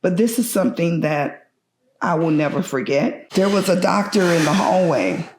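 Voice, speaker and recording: A woman's voice: lowish voice, expressive, darkish tone, roomy sound, slight background noise. Grieving middle-aged mother telling her story. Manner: earnest, halting with grief, voice breaking at times. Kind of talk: emotional personal testimony.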